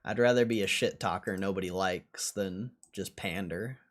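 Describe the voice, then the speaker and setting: A man's voice: sits low, normal speed. A young man hosting a casual stock livestream and answering chat in a sarcastic, laid-back way, swearing and laughing often.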